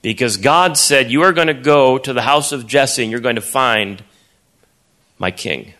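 A man preaching a sermon, telling a story with animated delivery and acting out the voices of its characters. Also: mid-range voice, a little slow. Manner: animated, acts out voices, repeats words.

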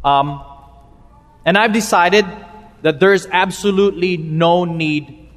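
A high-pitched man delivers a slow, unhurried sermon as pastor of a church. He stumbles into little repeats, then drops his voice low on the words that matter. The sound carries a long echo from the hall. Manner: emphatic preaching with halting repeats, slows and drops low for key words.

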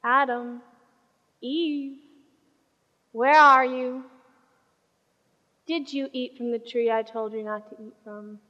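A woman pastor voicing God as a grieved figure who calls out quietly in a lowered voice. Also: fairly even intonation, slow, pauses often, highs cut off. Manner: quiet, low and sorrowful. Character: stern, grieved God calling out. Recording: reverberant hall.

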